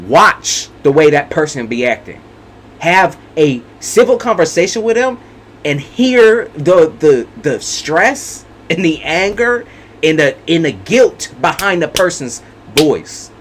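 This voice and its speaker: Guy doing a tarot reading, talks kinda high and real animated, cusses a lot and keeps repeating himself. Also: slight background noise. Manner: blunt, profane and repetitive, hammering points home. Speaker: tarot reader. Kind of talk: casual unscripted monologue.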